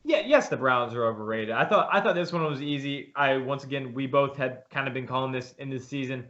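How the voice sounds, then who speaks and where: A man's voice: medium pitch, fairly quick, a bit bright. A man co-hosting a casual sports podcast, talking emphatically with frequent restarts. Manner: emphatic, rambling with repeated restarts. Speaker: podcast co-host. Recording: dull lo-fi sound.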